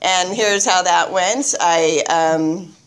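A woman's voice: lowish voice, slow pace. A woman telling her own story to a meeting audience, nervous and chatty, often laughing at herself. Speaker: guest speaker at a recovery meeting. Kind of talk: personal story told to a live audience.

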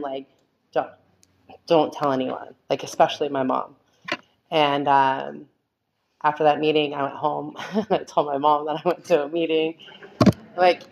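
A woman's voice: deep voice, dull audio. A woman sharing her recovery story at a meeting, candid and rambling, full of fillers and restarts. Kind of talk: personal testimony talk.

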